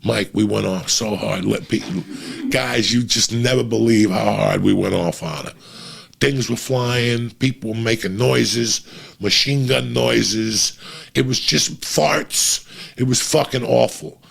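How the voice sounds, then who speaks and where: A man telling a profane, animated story and acting out the voices of the people in it. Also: mid-range voice, measured pace, gravelly, breathy edge. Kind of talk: casual storytelling.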